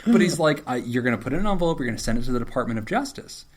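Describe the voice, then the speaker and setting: A man's voice: medium pitch, racing. A middle-aged man, a therapist co-hosting a podcast, telling a story in casual chat and acting out the voices of the people in it. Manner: animated storyteller who acts out quotes.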